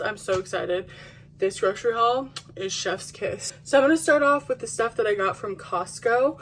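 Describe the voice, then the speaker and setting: A woman's voice: a little high, unhurried, fairly bright tone. A woman vlogging in a casual, candid chat, talking straight to her viewers with fillers and the odd swear.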